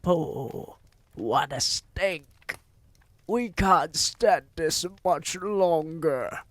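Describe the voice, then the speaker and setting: A man's voice: on the high side, expressive, very slow, fairly bright tone, no room sound, pitched above the performer's own voice, exaggerated voice. A man voicing a group of spiteful witches crying out, in a storybook reading. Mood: disgusted. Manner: jeering cries. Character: crowd of spiteful female witches.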